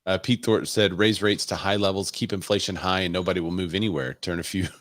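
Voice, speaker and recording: A man's voice: deep voice, fairly even intonation, quick pace, no echo, studio quality. A man co-hosting a casual real estate podcast, reading news and making wry, sarcastic asides. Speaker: podcast co-host.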